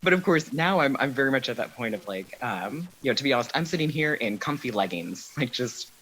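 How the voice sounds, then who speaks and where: A man's voice: mid-range voice, a little fast, breathy edge, rough recording. A man talking as a guest in a casual interview, telling stories at an easy pace with lots of "um" and "you know". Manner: relaxed storytelling with frequent fillers.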